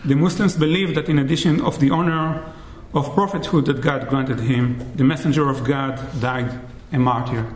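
Male lecturer, measured academic delivery, average pitch, roomy reverb. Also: steady tone. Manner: measured, frequent "right?" checks. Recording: roomy echo.

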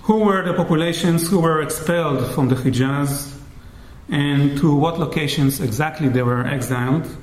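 A man giving an academic lecture in a measured way, often checking in with "right?". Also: on the high side. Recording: roomy echo.

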